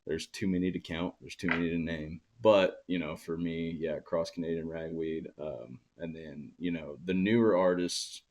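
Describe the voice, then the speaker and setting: A man's voice: low-pitched, fairly even intonation, moderate pace, few pauses, noisy background. A young man with an Oklahoma accent, a guest musician talking casually in an interview, laid-back with lots of fillers. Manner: laid-back, many fillers like "you know" and "um".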